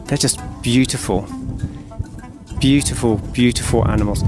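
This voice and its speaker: Soft-spoken earnest man outdoors. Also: medium pitch, music in the background. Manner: slow, hushed and heartfelt. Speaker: artist presenting to schoolchildren. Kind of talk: earnest outdoor video address. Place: outdoor wildlife enclosure.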